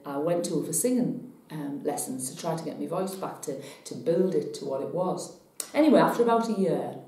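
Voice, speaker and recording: A woman telling a personal story to camera in a chatty, animated way. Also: low voice. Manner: chatty, animated when retelling. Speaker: psychic vlogger. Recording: very echoey room.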